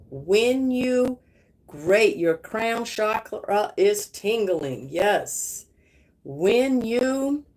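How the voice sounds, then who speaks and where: A middle-aged woman leading a live spiritual healing session as a guided meditation, slow and affirming, repeating her phrases. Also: medium pitch, darkish tone, rough recording.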